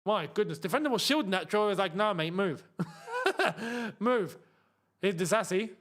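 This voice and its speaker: A young man gives live reaction commentary on a football match for his watchalong audience. His voice sits high and moves a great deal, and he breaks into shouts and laughter whenever a chance comes. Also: moderate pace. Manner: excitable, shouts and laughs at chances, chatty asides.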